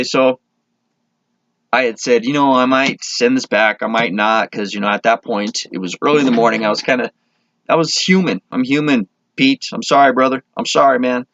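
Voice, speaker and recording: A man's voice: mid-range voice, fairly bright tone, no room sound, muffled recording. A man from Minnesota chatting casually to camera in his vlog, rambling, correcting himself and getting enthusiastic. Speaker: vlogger.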